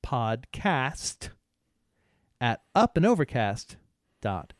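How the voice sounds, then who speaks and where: A man co-hosts a podcast in easy, joking chat, often tripping over his words and starting again. His voice sits in a middle pitch. It is recorded dry, with no room sound. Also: animated, moderate pace, darkish tone, no room sound. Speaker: podcast co-host. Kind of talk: casual chat.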